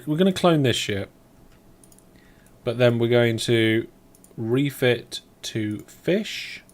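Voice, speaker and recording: Chatty man streaming a game. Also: mid-range voice. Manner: thinks aloud, chatty, answers viewer chat. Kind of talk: live let's play commentary.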